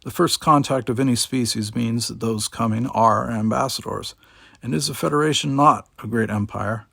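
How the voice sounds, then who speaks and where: A man voicing a calm, logical alien officer who speaks formally. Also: mid-range voice, normal speed, vocal fry, no echo, clean studio sound.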